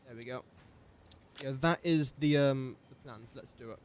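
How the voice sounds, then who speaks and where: A man's voice: mid-range voice, moderate pace, a little hiss or hum. A young English man casually commentating his own live game stream, chatty and self-mocking, muttering guesses as he plays. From England. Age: young adult.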